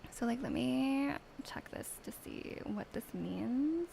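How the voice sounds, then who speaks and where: A woman's voice: high voice, expressive, slow pace, vocal fry, dark tone, slight background noise, pitched above the performer's own voice, heavily acted. Woman doing a snarky Valley Girl tarot reader. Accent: put-on Valley Girl. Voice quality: drawling, filler 'like', dismissive. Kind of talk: whispered role-play.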